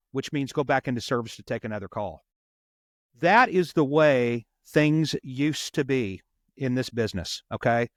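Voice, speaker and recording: A man's voice: medium pitch, normal speed, no room sound, clean studio sound. A man, a police officer, telling a story in a long earnest run, repeating words as he goes. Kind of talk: conversational storytelling.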